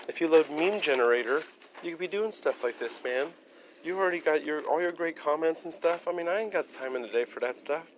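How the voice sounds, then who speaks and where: A man's voice: a little high, brisk, background noise. A young man rambling on a casual livestream, part spiritual preaching, part chatting with viewers. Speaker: livestream host.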